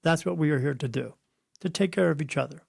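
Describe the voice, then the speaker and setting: A middle-aged man speaks as a guest in an interview, a spirit medium who tells stories bluntly and preaches his point. His voice sits a bit high and carries a gravelly rasp. He acts out the people in his anecdotes. The sound is close and dry. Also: fast, a little mellow, no echo. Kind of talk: conversational interview, storytelling.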